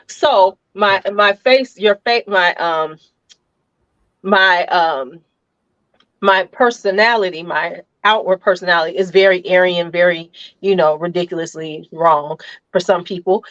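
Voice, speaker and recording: A woman's voice: on the low side, a little slow, fairly bright tone, no echo, dull audio. A woman hosting a casual chat, blunt and joking, who swears freely. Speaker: host.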